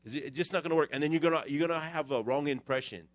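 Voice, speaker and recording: Middle-aged male pastor, conversational sermon delivery, somewhat high-pitched, dry close-miked sound. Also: very fast, dry recording. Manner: animated, conversational preaching with shifting volume.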